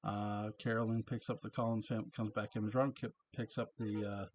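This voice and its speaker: A man's voice: fairly low pitch, flat delivery, moderate pace, slight background noise. A man casually recapping and reviewing a TV episode, chatty and chuckling at his own asides.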